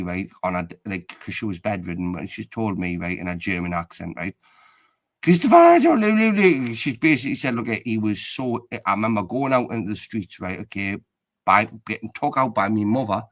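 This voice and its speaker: A man's voice: fairly low pitch, fairly bright tone. A middle-aged man, rambling in casual chat and tagging most phrases with "right, okay?".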